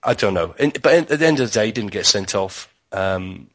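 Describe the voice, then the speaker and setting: A man on a football podcast panel, talking in halting bursts with frequent restarts. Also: lowish voice, lively intonation. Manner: halting, restarts words often. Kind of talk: casual football podcast chat.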